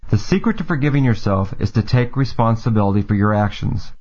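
An American man hosting a segment, giving an earnest, calm, encouraging reflective monologue. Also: on the low side, a little fast. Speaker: segment host. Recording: dull lo-fi sound.

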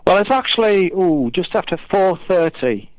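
An Englishman with a Midlands accent, a radio guest and author, speaking in a measured, polite, explanatory way. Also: sits high, animated, no room sound. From England. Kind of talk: phone interview. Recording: dull lo-fi phone-in audio.

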